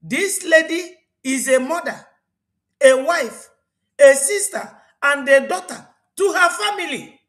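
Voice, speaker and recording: A woman's voice: sits high, lively intonation, unhurried, fairly bright tone, reverberant. A woman with a Nigerian Igbo accent hosting an online talk show, speaking with passion and asking rhetorical questions. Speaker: host.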